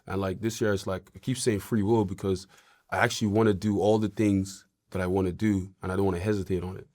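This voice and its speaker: A young man from Ireland, a guest in a casual interview, talking in a relaxed, rambling way with many fillers. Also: deep voice, quick pace.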